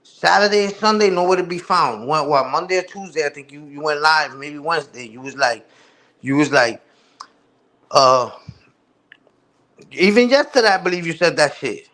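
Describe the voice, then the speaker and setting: A man's voice: on the high side, animated, moderate pace, pauses often, pushed and bright. A man hosting a live stream, ranting heatedly with profane street slang. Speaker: livestream host. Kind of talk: casual livestream rant.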